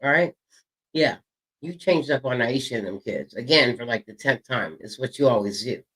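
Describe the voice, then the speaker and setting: A bright-voiced man hosts an online drama show. He taunts a rival with a stream of profanity, leaning on each insult and stretching words out. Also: medium pitch, lively intonation, moderate pace, breathy edge, rough recording. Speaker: show host. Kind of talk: heated drama commentary.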